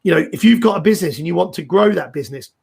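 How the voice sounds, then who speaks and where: Middle-aged male host, gravelly, chatty and rambling. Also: high voice, very fast. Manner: animated, rambling, repeats words as he goes. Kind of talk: casual career advice chat.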